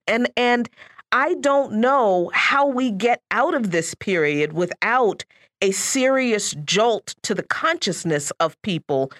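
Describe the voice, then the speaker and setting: A woman co-hosting a political talk radio show, speaking in an animated, emphatic way and often laughing while she talks. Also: mid-range voice, no room sound, clean studio sound.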